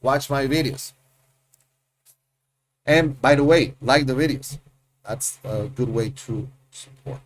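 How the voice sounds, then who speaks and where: A man's voice: mid-range voice, slow, pauses often. A man, teaching a casual lesson and explaining things in a chatty way, often repeating himself and asking rhetorical questions. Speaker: Spanish teacher.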